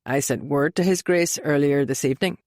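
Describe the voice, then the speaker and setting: A woman voicing a reserved young man who speaks quietly and carefully. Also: low voice, no room sound, clean studio sound, voice pushed down, natural voice. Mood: measured. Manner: quiet and measured.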